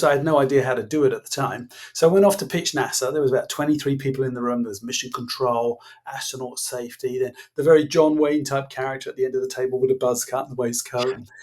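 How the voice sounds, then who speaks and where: Husky-voiced man telling lively anecdotes. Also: mid-range voice. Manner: acts out quoted dialogue, laughs while telling. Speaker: guest, former innovation executive. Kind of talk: animated anecdotal storytelling.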